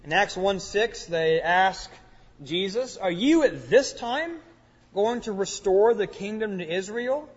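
A man's voice: sits high, expressive, takes it slowly, slightly rough, big-room sound, lo-fi sound. A man preaching an expository sermon as a pastor, earnest, with his voice swelling and dropping in volume.

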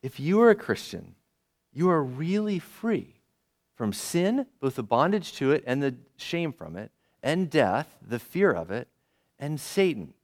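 A man's voice: a little high, sing-song, a little slow, darkish tone. A male pastor preaching a sermon in an emphatic, conversational way, asking his listeners questions as he teaches.

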